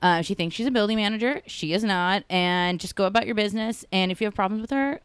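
A woman's voice: mid-range voice, fast, clean tone, no room sound. A woman chatting casually, telling a story full of "like" and acting out what people said. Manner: chatty, lots of "like", acts out quotes in animated voices.

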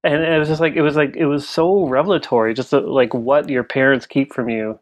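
A man's voice: medium pitch, fairly even intonation, a little fast. A man in his thirties shares a family memory on a podcast. He rambles and leans on "like" constantly. His telling turns emotional. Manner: rambling, heavy use of "like", emotional. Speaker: podcast co-host. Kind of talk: casual storytelling chat.

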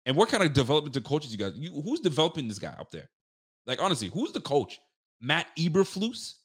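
Animated, cursing football podcast man. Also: fairly high pitch, brisk, slightly rough. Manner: animated, swears, talks straight to listeners. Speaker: sports podcast host. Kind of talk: casual football picks chat.

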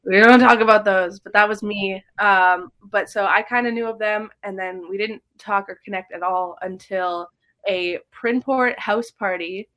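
A woman's voice: mid-range voice, fairly even intonation, measured pace, bright, forceful tone. A young woman who drums and teaches, telling stories in a casual podcast interview, chatty and full of fillers. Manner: chatty, storytelling, many likes and fillers. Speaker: guest drummer and drum teacher.

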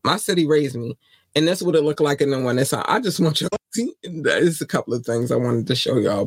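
His mid-range voice is husky and the recording is dry. The speaker is a podcast host from Baltimore, USA, with a local accent, holding forth in a casual monologue that is defiant and passionate and keeps circling back to the same points.

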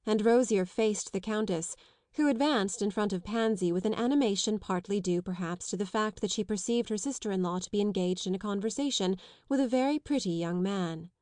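A woman narrating a classic novel as an audiobook, reading steadily and clearly. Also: mid-range voice, fairly quick, a little mellow, dry recording, clean studio sound. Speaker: audiobook reader. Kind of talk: scripted literary narration.

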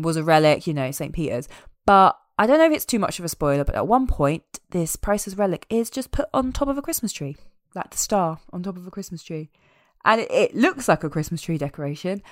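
A woman chatting casually as a podcast co-host, animated and amused as she recaps a film. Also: lowish voice, dry recording, clean studio sound. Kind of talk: casual chat.

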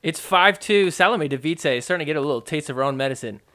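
A man's voice: a little high, expressive, quick pace, fairly bright tone. Joking man recapping matches. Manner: joking, mocks referees in quoted asides. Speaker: podcast host recapping matches. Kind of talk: casual play-by-play recap.

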